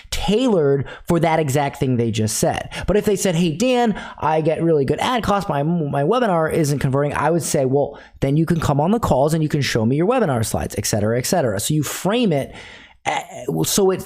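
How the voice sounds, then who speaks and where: A man's voice: fairly high pitch, a little mellow. A middle-aged man teaching a sales technique in a direct, instructive way, repeating key phrases for emphasis. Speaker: sales coach.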